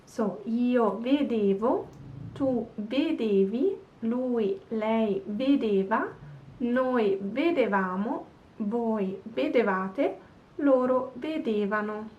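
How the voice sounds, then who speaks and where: Female teacher, slow and patient, slightly high voice, mic set back a little. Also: distant mic, highs cut off, slight background noise. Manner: patient, slow drilling of verb forms. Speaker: language teacher. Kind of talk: online language lesson.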